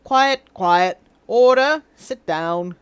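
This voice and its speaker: A woman's voice: medium pitch, animated, drawn-out words, clear, resonant tone, no echo. A woman voicing a stern, pompous courtroom judge in an attempted received pronunciation accent. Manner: stern, formal, commanding.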